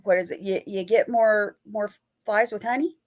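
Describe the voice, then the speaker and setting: A woman's voice: mid-range voice, fairly even intonation, moderate pace, darkish tone. A woman paranormal investigator and author, a guest in a casual interview, talking animatedly and playfully acting out quoted lines.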